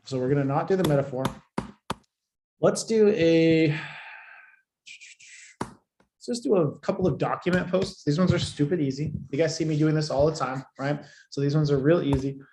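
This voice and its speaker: A man's voice: on the high side, moderate pace, long pauses, a little hiss or hum. Profane, emphatic man in an echoey room. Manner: blunt, profane, emphatic, swings loud and soft. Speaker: marketing coach. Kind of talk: live online training.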